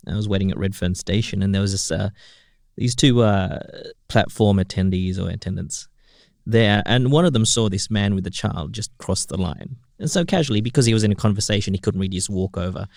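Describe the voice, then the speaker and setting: A man with a low, gravelly voice tells everyday anecdotes on a podcast. He hesitates often and uses many fillers. The recording is dry and close. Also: fairly quick, darkish tone, no room sound. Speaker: podcast co-host. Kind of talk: casual discussion.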